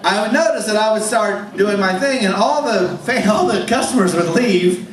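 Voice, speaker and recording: A man's voice: sits high, normal speed. A man hosting an open mic comedy night, telling a rambling, self-deprecating story from the stage with many restarts. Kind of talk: stand-up storytelling. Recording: echoey club room, distant mic, faint hum.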